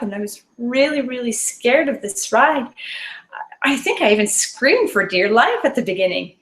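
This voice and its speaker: A woman tells a personal story to an audience, earnest and vivid, dropping to a whisper at tense moments. Her voice is fairly high, and the sound is roomy.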